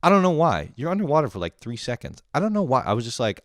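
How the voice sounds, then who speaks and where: A man's voice: mid-range voice, big pitch swings, fast talker, dry recording, studio quality. A young man telling a rambling, profane story in a casual monologue, often laughing at himself. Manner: rambling, swears a lot, laughs at his own stories. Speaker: podcast host.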